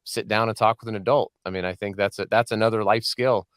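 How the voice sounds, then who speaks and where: A man's voice: lowish voice, fairly even intonation, quick pace, a bit bright, no room sound. A man hosting a podcast from a home studio, chatting casually and joking often with his guest. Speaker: podcast host. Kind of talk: casual interview chat.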